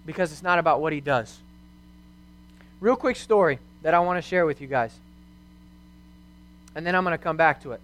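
A man's voice: a little high, lively intonation, normal speed, pauses often, fairly bright tone. A young man, a youth pastor, preaching a sermon in an earnest storytelling way, full of rhetorical questions.

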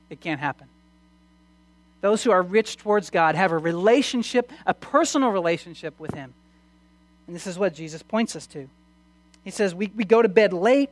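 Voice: medium pitch, dry recording. Emphatic preacher with a dry close sound. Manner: swings between hushed and loud, emphatic; reads scripture aloud slowly. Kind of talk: sermon.

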